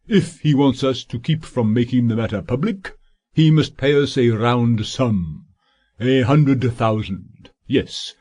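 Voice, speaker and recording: A man reads the role of a pompous, scheming, fat solicitor in middle age for an audiobook, his speech slow and sanctimonious. The voice is mellow and medium-pitched.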